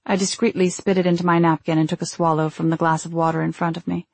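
A woman narrating a first-person novel in a measured, restrained way. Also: on the low side, little pitch movement, gravelly, a little mellow, dry recording. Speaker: audiobook narrator.

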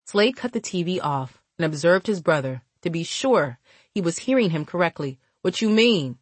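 A woman narrates a novel with measured, expressive reading. Her pitch moves freely and lively across each line. The recording is dry and close, with no room sound. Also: husky, dry recording. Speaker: audiobook narrator. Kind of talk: scripted narration.

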